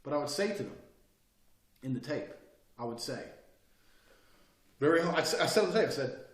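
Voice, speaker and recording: Man, emphatic and crude, lecturing, animated pitch, roomy sound, distant mic. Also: fairly quick, long pauses. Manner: brash, profane, emphatic, mocks hesitant speakers. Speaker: online course presenter. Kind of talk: lecture on body language and speaking.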